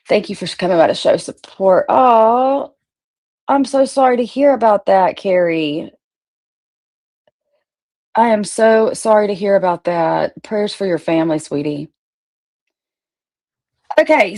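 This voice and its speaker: A woman's voice: medium pitch, a little mellow. A woman hosting a casual livestream, greeting viewers by name and swearing freely. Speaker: livestream host.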